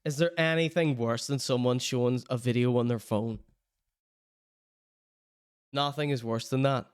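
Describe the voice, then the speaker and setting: A man's voice: mid-range voice, steady tone, measured pace, smooth, dry recording, studio quality. A man hosting a podcast, chatting casually and laughing often while he comments on clips. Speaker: podcast host.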